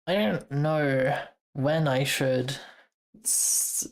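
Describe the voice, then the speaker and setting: A woman's voice: extremely low pitch, steady tone, very slow, gravelly, a little mellow. A woman streaming casually as she codes, thinking aloud to her chat, trailing off and restarting with an occasional chuckle. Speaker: streamer and software developer.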